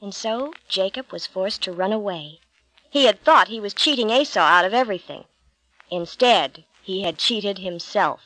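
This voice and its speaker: Expressive woman reading a Bible story. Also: medium pitch, moderate pace, dry recording, low-quality recording. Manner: expressive, gentle read-aloud. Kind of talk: storybook narration.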